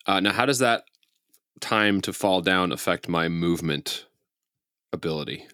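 A man playing a tabletop game, thinking aloud in a relaxed way with many ums. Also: sits low, measured pace, smooth, no echo, clean studio sound. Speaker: player. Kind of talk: casual tabletop game chat.

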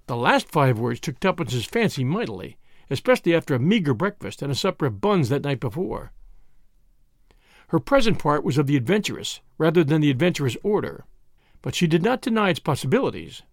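A male narrator reads a story aloud in a lively, expressive way. His voice sits a little on the high side and moves freely up and down. The recording is dry, with no room echo. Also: a little fast. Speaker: audiobook narrator. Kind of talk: scripted narration.

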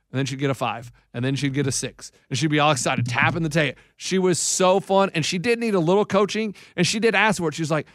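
A man's voice: a little high, quick pace, hardly any pauses, a bit bright, dry recording, clean studio sound. A man co-hosting a podcast, telling rambling anecdotes full of restarts in casual chat. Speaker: podcast co-host.

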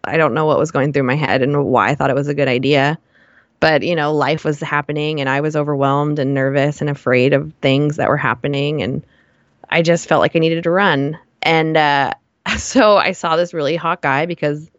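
A woman's voice: sits low, steady tone, normal speed, no echo, muffled recording. A woman guest on an interview, telling stories in a chatty way and laughing often. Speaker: guest, running blogger. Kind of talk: casual interview chat.

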